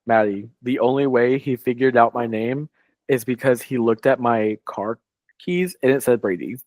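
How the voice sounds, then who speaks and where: Male podcast co-host, mid-pitch, rambling anecdote, dry booth sound. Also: moderate pace, a little mellow, no echo. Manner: rambling, heavy on "like", quoting others. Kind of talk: casual storytelling chat.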